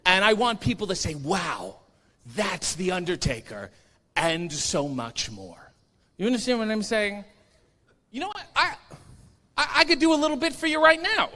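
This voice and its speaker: A man's voice: high voice, very animated, normal speed, sharp tone. A man performing a stand-up comedy set on a convention stage, sardonic and self-mocking. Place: convention stage before a live audience. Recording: reverberant stage hall.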